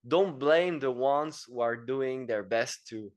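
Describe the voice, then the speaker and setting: In a casual interview chat, a thirty-something French engineer and entrepreneur speaks slow, French-accented English as a podcast guest. His medium-pitched delivery rambles, full of fillers and repeated words.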